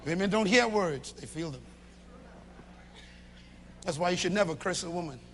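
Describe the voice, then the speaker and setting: A man preaching a sermon to a live congregation, swinging from shouts to low confiding tones and acting out little dialogues in different voices. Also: animated, moderate pace, slight background noise. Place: church hall with a congregation.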